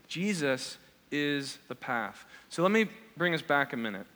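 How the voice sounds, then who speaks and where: Male pastor, earnest sermon delivery with searching questions; bright, slightly high voice in a reverberant hall. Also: expressive, unhurried. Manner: earnest, asks the congregation repeated questions. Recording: long reverb of a large hall.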